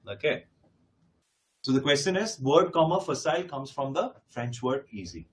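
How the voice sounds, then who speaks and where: A man's voice: mid-range voice, very animated, normal speed, fairly bright tone. A man teaching a live test-prep class, addressing his students directly and repeating key points with emphasis.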